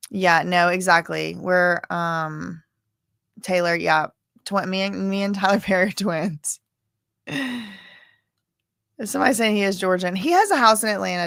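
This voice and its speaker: A woman's voice: fairly low pitch, gravelly, fairly bright tone, no echo, clean studio sound. A woman from Louisiana hosting a live stream about court cases, chatting and rambling as she talks straight to her viewers. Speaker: livestream host covering court cases. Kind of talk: casual live-stream commentary.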